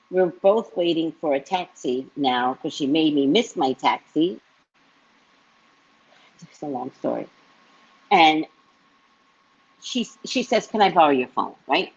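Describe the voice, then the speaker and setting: A woman psychic reader telling a story to her live-stream viewers in a casual, animated way, often tagging lines with "right?". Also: fairly low pitch, husky. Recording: dull lo-fi stream audio.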